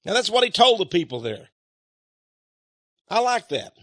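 Man, high voice, preaching on scripture, emphatic, rhetorical questions, dry close sound. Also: big pitch swings, moderate pace, a bit bright, no echo. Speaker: Bible teacher. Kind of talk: sermon-style Bible reading and commentary.

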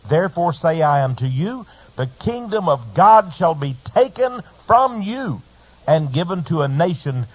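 A man reading the words of Jesus in a sermon, in a calm, solemn, husky voice. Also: fairly high pitch, unhurried, voice pushed up, exaggerated voice, poor audio.

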